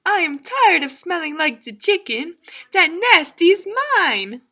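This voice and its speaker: A woman's voice: extremely high pitch, big pitch swings, slow, pushed and bright, voice pushed up, heavily acted. A woman voicing a proud, fussy duck in a storybook reading, huffy and haughty.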